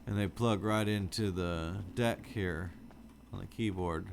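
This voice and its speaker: A man's voice: sits low, unhurried, slight background noise. A middle-aged man streaming a game from his home setup into a studio microphone, chatting casually and rambling, sleepy and yawning now and then. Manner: relaxed, rambling, sleepy with frequent yawns. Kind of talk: casual chat with viewers while playing. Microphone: studio microphone with wired headphones.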